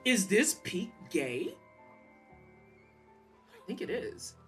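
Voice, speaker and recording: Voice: medium pitch, huge pitch swings, takes it slowly. A streamer chatting casually while playing a game live, swearing and trash-talking enemies, with game music behind.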